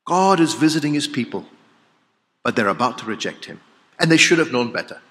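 A man preaching a sermon, swinging from loud exclamations to hushed, solemn lines. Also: mid-range voice, expressive, brisk. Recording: long hall reverb.

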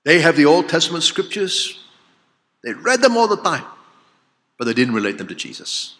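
A man preaching a sermon, swinging from loud exclamations to hushed, solemn lines. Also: a little high, big pitch swings, moderate pace. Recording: long hall reverb.

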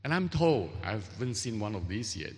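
A man preaching a sermon as pastor, measured and hesitant, with many fillers and restarts. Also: fairly low pitch, sing-song, darkish tone, long reverb tail. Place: church.

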